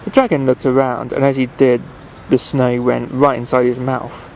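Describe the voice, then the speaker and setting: A man reading a bedtime story aloud at an unhurried, halting pace, often restarting his phrases. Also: mid-range voice, flat delivery, gravelly, a little mellow, a little hiss or hum, poor audio.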